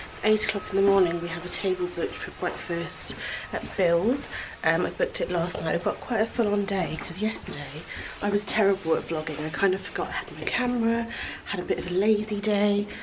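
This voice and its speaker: Speaking briskly in a lowish voice, a woman laughs a lot as she chats cheerfully to the handheld camera while strolling through a bustling city. It's a casual travel vlog shot outdoors, with street noise behind her voice.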